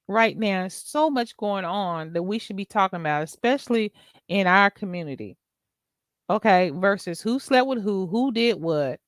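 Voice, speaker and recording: A middle-aged woman rants casually on her own YouTube vlog, sounding emphatic, exasperated, and preachy. Her lowish voice is a bit bright, clear, and resonant, captured dry with clean studio sound.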